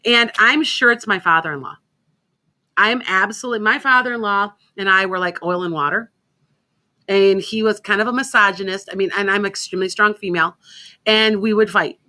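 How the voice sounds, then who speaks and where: Rambling woman psychic host, bright forceful voice, casual radio chat, keeps restarting sentences. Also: mid-range voice, normal speed. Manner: chatty, rambling, self-interrupting.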